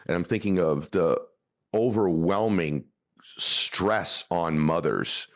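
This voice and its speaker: A man's voice: sits low, slow. A man hosting an interview podcast, talking in an earnest, rambling and emotional way. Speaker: podcast host. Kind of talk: casual interview talk.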